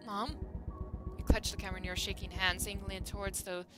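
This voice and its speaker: Vrouwelijke streamer die gametekst voorleest. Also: female voice, medium pitch, fast, loud music behind the voice. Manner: steady storybook reading. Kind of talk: reading game text aloud.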